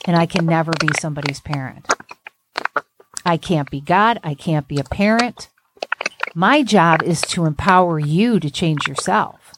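A blunt, emphatic woman therapist speaking candidly on a podcast, her voice sitting a little low. Steady hiss hangs under the whole recording. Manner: blunt, emphatic, salty storyteller.

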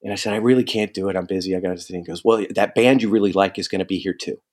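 A man telling a long story in casual chat, animated and quoting people as he goes. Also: deep voice, racing. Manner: animated, quotes people in lively asides.

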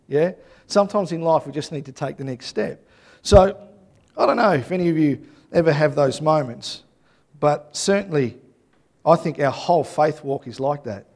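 A pastor in his thirties or forties preaches a sermon through animated, chatty storytelling, frequently adding tag questions. His voice is a little high, at a normal speed.

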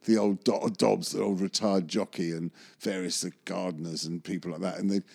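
A man's voice: sits low, steady tone, normal speed, vocal fry, mellow. Rambling man telling a story. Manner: rambling, self-correcting, chuckling. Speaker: magician recalling film work. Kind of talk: anecdotal interview storytelling.

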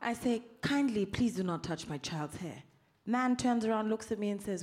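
A woman moderating a panel discussion, telling a story with wry humour and dropping low and slow for her calm quoted replies.

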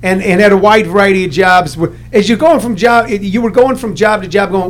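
A man's voice: high-pitched, a little fast, a little hiss or hum. A man hosting a casual podcast interview, rambling with many restarts and jokey anecdotes. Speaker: podcast host.

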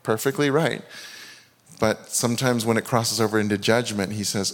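Earnest preacher in a reverberant hall. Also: male voice, lowish voice, fairly even intonation, normal speed. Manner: earnest, confessional, with many restarts and quoted asides. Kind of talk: sermon with personal testimony.

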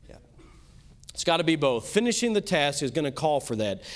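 A man with a Kentucky accent preaching a sermon as pastor, emphatic, swinging between loud and soft, with quick asides. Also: a little high, big pitch swings.

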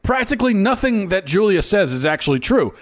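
An exasperated male host in his thirties delivers an opinion monologue. He stammers and restarts his sentences, and his speaking voice sits somewhat high for a man. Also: big pitch swings, a little fast.

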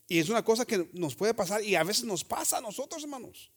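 A pastor with a rather high male voice preaches in a bilingual sermon. He draws out scripture verses slowly, then drops to a low, soft finish as each thought ends. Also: lively intonation.

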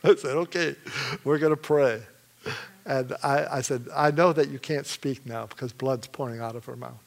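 A man from Michigan giving a testimony in a sermon, telling his story with animated energy and frequent laughs. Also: mid-range voice, moderate pace, gravelly. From Michigan, USA.

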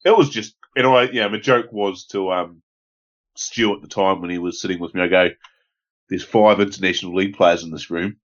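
A man's voice: deep voice, a little fast, lo-fi sound. An Australian man telling a rambling story on a casual sports podcast, laughing now and then. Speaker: podcast co-host.

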